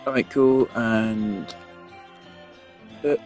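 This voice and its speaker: A man's voice: on the low side, steady tone, extremely slow, darkish tone, soft background music. Man swearing through gameplay commentary. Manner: blunt, swears freely, laughs at himself. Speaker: gamer commenting on his playthrough.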